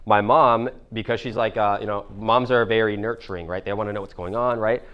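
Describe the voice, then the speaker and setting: In a live coaching Q&A, a man in his twenties answers audience questions with lots of fillers and swearing, acting out other people's voices in quoted dialogue. His lowish voice is fairly even and a bit fast, with a clean tone but the highs cut off.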